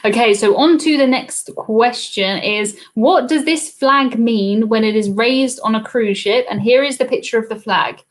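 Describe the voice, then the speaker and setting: A woman's voice: fairly high pitch, unhurried, few pauses. A British woman hosting a live cruise trivia stream in a chatty, casual way, reading out viewers' comments and answering them into a laptop webcam mic.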